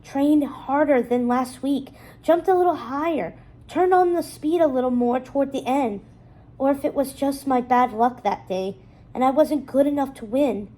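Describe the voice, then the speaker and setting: A woman's voice: high voice, normal speed, mellow, lightly acted, poor audio. A woman voicing a joking young man who is a former racer and acts as his brother's coach, with a coach-like pep-talk manner. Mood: wistful.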